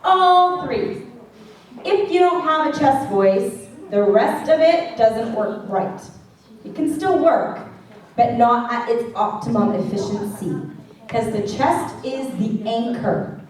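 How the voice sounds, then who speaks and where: This vocal coach has a fairly high, animated voice but a slow pace as she teaches worship singing. She keeps things chatty and playful, singing brief exercises to show each point on a handheld mic. It's recorded from afar in an echoey classroom or church hall with faint background noise.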